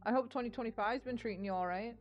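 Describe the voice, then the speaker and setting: A woman's voice: on the high side, fast, muffled recording, faint music behind. A woman streamer chatting casually with her viewers, bubbly and welcoming. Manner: bubbly, chatty, greets chat warmly. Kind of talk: casual live-stream chat.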